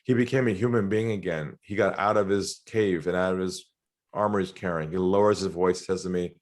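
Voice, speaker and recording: A middle-aged Australian man telling sales stories in an interview, animated, often acting out the voices of the people in them. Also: sits low, a little fast. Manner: animated storyteller, acts out quoted voices, laughs often. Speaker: sales trainer guest. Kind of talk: storytelling interview talk.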